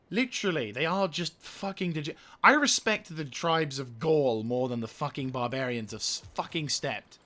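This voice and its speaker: A young man with a bright, sharp voice talks through his strategy game. He swears freely and rants at the enemy, then drops back to muttering over menus. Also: a little high, lively intonation, normal speed, few pauses. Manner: profane, ranting, venting frustration. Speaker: gaming YouTuber. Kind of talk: let's play commentary.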